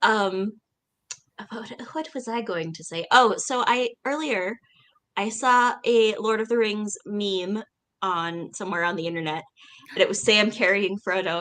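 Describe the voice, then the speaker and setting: A woman co-hosting a podcast in casual chat, enthusiastic and quick to laugh. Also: mid-range voice. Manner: animated, enthusiastic, laughs easily. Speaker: podcast co-host.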